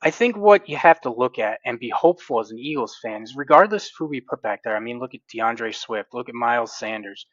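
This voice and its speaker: A man co-hosting a sports podcast, speaking with emphatic, passionate conviction. His voice sits at a middle pitch, and the recording is dull, lo-fi and dry. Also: lively intonation, a little fast, few pauses, a bit bright, no echo. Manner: emphatic, passionate fan talk. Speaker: podcast co-host. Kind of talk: casual sports chat.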